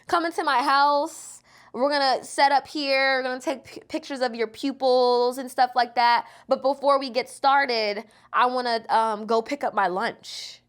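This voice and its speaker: A woman's voice: sits high, fairly even intonation, unhurried, clear, resonant tone. A young woman mimics a pushy, creepy male photographer, breezy and insistent, in a raised voice. He keeps urging while it stays casual. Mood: coaxing.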